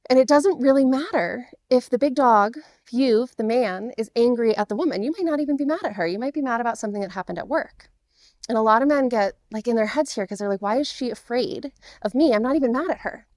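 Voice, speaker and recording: A woman's voice: fairly high pitch, fast, darkish tone, no echo. Earnest woman coach, dry close sound. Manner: earnest, explanatory, reassuring. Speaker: divorce coach for men. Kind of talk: direct-to-camera coaching talk.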